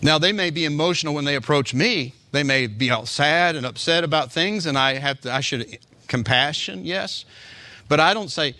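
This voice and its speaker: A man's voice: on the high side, moderate pace, sharp tone. A male pastor preaching a sermon in a conversational way, with speech and rhetorical asides to the congregation.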